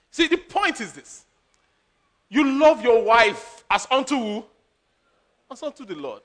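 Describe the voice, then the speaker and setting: A man preaching a sermon as a pastor, animated, laughing and acting out quotes. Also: very high-pitched, unhurried, pauses often.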